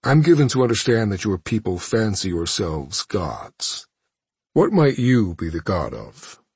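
A man voicing a cold, calculating alien warlord who speaks in measured, condescending phrases. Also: lowish voice, big pitch swings, darkish tone, breathy edge, no room sound, full character voice.

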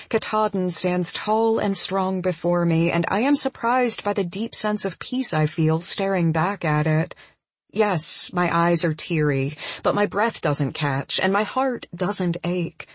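Slow, husky woman narrating an audiobook. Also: on the low side, no room sound. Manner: intimate, emotional, measured. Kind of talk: first-person audiobook narration.

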